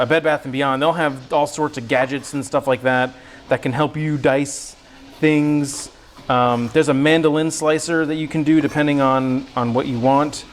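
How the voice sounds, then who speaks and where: A man's voice: medium pitch, a little hiss or hum, rough recording. A man hosting a cooking livestream from his home kitchen, chatting to viewers in an upbeat, slangy, self-deprecating way. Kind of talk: casual livestream chat while cooking.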